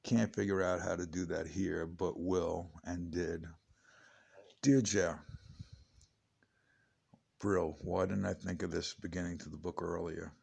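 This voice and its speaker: A man's voice: sits low, flat delivery, normal speed, creaky, hardly any pauses, darkish tone, breathy edge. A man in his late fifties reading his own memoir aloud, chatty and digressive with wry asides. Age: 50s. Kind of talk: rambling memoir narration. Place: home.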